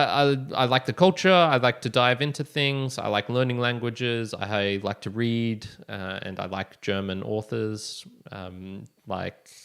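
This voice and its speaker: A man's voice: lowish voice, vocal fry, fairly bright tone, clear, resonant tone. A young man hosting a solo podcast, talking casually and rambling with frequent restarts and chuckles. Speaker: podcast host.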